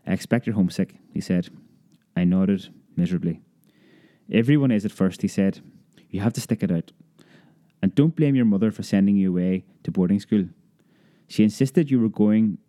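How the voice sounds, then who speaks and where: A man reading a childhood memoir aloud as an audiobook, lively storytelling that raises his pitch for a child's cries. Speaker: narrator.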